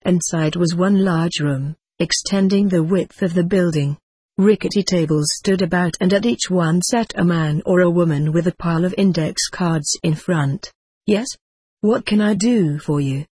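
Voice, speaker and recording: A woman narrating a first-person story in a measured, even way. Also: lowish voice, breathy edge, no room sound. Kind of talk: audiobook narration.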